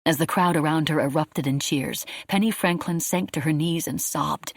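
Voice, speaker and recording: A woman reading a wartime novel aloud as an audiobook, in a steady, measured storytelling manner. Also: deep voice, vocal fry, dry recording, clean studio sound. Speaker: audiobook narrator. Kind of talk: scripted audiobook narration.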